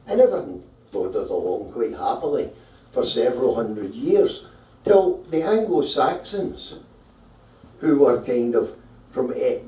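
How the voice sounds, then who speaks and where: A man's voice: mid-range voice, warm tone. A man doing stand-up comic storytelling at a live show, chatty and irreverent, with swearing and frequent checks of "right?". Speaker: stand-up comedian. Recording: roomy, distant mic at a live show.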